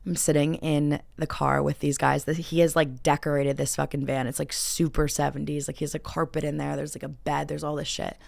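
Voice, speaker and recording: A woman's voice: sits low, flat delivery, fairly quick, vocal fry, few pauses, a little mellow, no room sound. A young woman hosting a podcast, telling a dating story in a chatty, filler-heavy way with frequent laughter. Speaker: podcast host. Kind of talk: casual storytelling.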